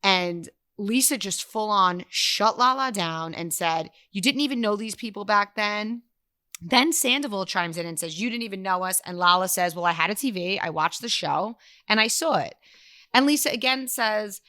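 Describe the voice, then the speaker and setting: A woman's voice: medium pitch, lively intonation, bright, forceful tone. A woman co-hosting a casual gossip podcast, bluntly recapping reality TV scenes. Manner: brisk storytelling recap, blunt. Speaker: podcast co-host.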